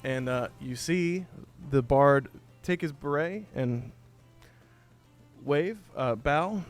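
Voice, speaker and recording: A man running a tabletop game as game master, narrating in an animated, casual, swearing way. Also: medium pitch, takes it slowly, soft background music.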